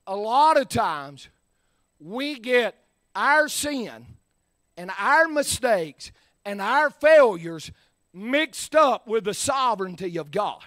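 A man preaching a sermon in church, sliding from low, easy talk up to shouted, drawn-out lines. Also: very animated, dry recording.

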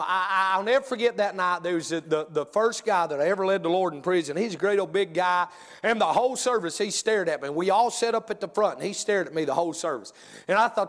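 A man's voice: high-pitched, fairly bright tone, in a large hall. A man preaching a sermon, telling a folksy story with stammering restarts and rising to fervent preaching. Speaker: pastor.

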